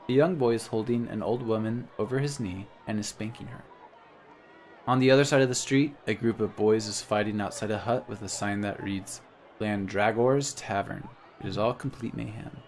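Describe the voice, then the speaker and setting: A man's voice: fairly low pitch, a little mellow, slight background noise. A man playing a text game, reading its story aloud and adding casual comments in between. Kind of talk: let's-play narration and commentary.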